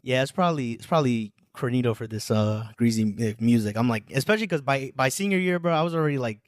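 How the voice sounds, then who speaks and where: Young male podcast guest, rapid slangy storyteller with a dry, close sound. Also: mid-range voice, lively intonation, dry recording. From United States, New Jersey. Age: 20s. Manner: slangy, rambling, full of filler phrases. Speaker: guest musician.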